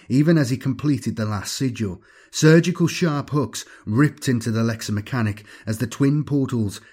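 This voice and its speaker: A man reading a story aloud as an audiobook narrator, in a measured, steady storytelling manner. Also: fairly low pitch. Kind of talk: scripted narration.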